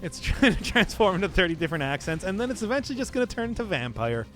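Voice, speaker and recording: Young male streamer, lively, higher-pitched, chatty and self-mocking, faint music behind. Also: fast talker. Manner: laughs often, answers chat, self-mocking. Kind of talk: casual gameplay commentary.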